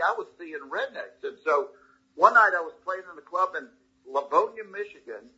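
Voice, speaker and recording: A man's voice: fairly high pitch, expressive, moderate pace, sharp tone, husky. A middle-aged man with a thick Southern US accent, telling a story as an interview guest in a folksy, good-natured way. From Georgia, US South. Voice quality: thick drawl. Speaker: comedian guest. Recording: slightly dull lo-fi audio.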